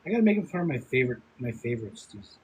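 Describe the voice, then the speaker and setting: A man in his fifties hosting a casual livestream. He laughs often, swears freely and gives quick shout-outs to viewers. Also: medium pitch, sing-song, slight background noise, rough recording. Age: 50s. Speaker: livestream host.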